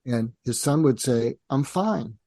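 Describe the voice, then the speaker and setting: Calm older man with a mellow voice. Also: medium pitch, vocal fry, dry recording, clean studio sound. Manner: calm, measured, acts out parent and teen dialogue. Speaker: psychiatrist guest. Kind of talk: conversational interview explanation.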